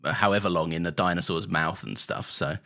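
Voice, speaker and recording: A man's voice: low voice, gravelly, pushed and bright. A man co-hosting a podcast in casual chat, laughing often and defending himself in jest. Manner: laughing, mock-defensive, quick to wave things off. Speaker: podcast co-host.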